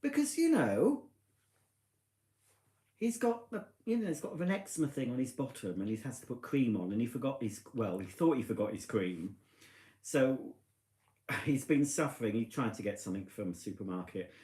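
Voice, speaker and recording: A tipsy man rambles through a casual live stream from home and pokes fun at himself as he goes. His voice is mellow and sits at a middle pitch. The room gives his voice a noticeable echo, and he is picked up by a phone or webcam. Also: animated, brisk. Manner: rambling, chatty, self-mocking. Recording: echoey room.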